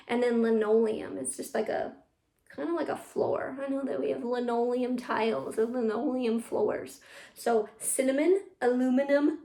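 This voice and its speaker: A woman's voice: a little high, vocal fry, dark tone. A woman teaching an online drama class for children, upbeat and encouraging as she leads tongue twisters. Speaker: youth theatre drama teacher. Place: at home on a video call. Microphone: computer mic.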